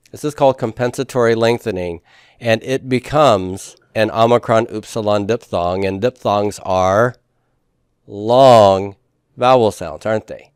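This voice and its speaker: The recording is dry and of studio quality, carrying a male Greek teacher's clear, resonant, medium-pitched voice. During his lecture he walks students through things step by step, asks "right?" and "okay?" to make sure they follow, and jokes playfully from time to time.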